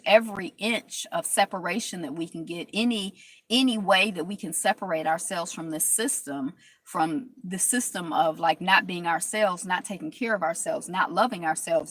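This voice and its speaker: A woman hosting a casual talk stream, telling stories in lively quoted voices and reading viewer comments aloud. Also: lowish voice, no echo. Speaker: host.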